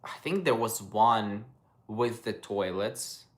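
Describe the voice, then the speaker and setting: A man's voice: fairly low pitch, slow. A young man casually chatting on a livestream, rambling and stopping to search for English words. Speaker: streamer.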